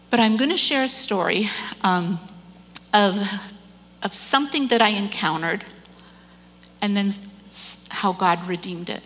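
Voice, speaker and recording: A woman giving a church message, telling a story with animated delivery and acting out the people in it. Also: mid-range voice, in a large hall. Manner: animated storyteller, acts out quoted voices, repeats words. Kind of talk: sermon storytelling.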